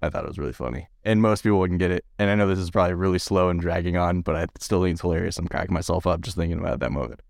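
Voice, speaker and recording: A man's voice: sits low, steady tone, rapid-fire, creaky, hardly any pauses, dry recording, clean studio sound. A man co-hosting a podcast, chatting casually about a movie in a rambling, self-deprecating way and chuckling at his own jokes. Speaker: podcast co-host. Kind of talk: casual film discussion.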